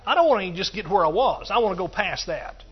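A high-pitched male voice with a breathy edge preaches quickly and with lively intonation. Phrases repeat in a rhythmic build, broken up by hallelujahs. The sound quality is muffled and dull.

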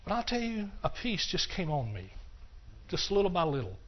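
An older man giving a personal testimony sermon, earnest and repetitive, dropping to hushed stretches and rising into passionate bursts. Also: high voice, huge pitch swings, normal speed. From Texas. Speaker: preacher. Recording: dull lo-fi recording.

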